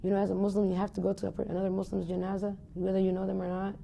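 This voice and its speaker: Woman in her 30s, super gravelly, dark mellow tone, blunt and fired up, swears a lot. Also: mid-range voice, monotone, racing, slight background noise. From United States. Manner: blunt and impassioned, swears freely. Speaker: interview guest. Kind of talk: candid conversational interview.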